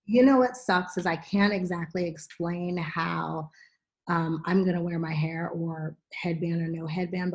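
Low-voiced woman telling lively stories. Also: gravelly. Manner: animated storyteller, acts out quotes. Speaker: podcast host. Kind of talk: casual chat.

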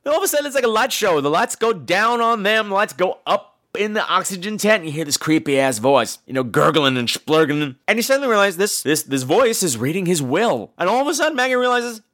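A man hosting a podcast, recapping a horror movie in a sarcastic, profane, animated storytelling way. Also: high-pitched, brisk, hardly any pauses. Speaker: podcast host. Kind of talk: casual movie-recap chat.

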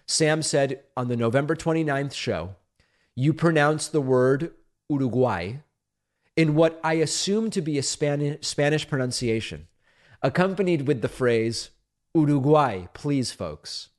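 A man's voice: on the high side, lively intonation, measured pace. A middle-aged man born in Argentina, hosting a political talk show, reading listener mail aloud and answering it in a conversational, emphatic, playfully defensive way.

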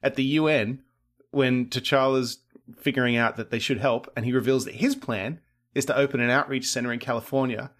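A man's voice: medium pitch, fairly even intonation, a little fast, fairly bright tone. A man in casual conversation about movies, laughing often and acting out quoted lines. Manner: laughs often, tells theories with mock quotes.

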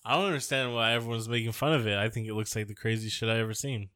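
A man's voice: lowish voice, fairly even intonation, racing, bright, forceful tone, clean tone, dry recording, studio quality. A man co-hosting a podcast, talking in a crude, rambling, jokey way. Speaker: podcast co-host. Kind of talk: casual comedic chat.

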